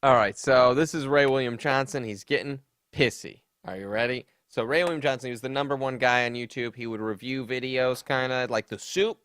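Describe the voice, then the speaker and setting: A man's voice: medium pitch, a little fast, few pauses, a bit bright, clear, resonant tone, no echo. A man hosting a comedy podcast, chatting casually and mockingly about online drama. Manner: sarcastic, mocking, with sassy put-on voices for quotes. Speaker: podcast host.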